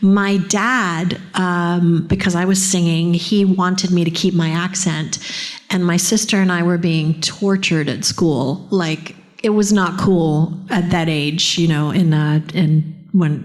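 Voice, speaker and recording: Chatty woman from England, low voice. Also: fairly even intonation, takes it slowly. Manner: chatty, laughs often. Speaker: panel guest, voice actress. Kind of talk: convention panel Q&A.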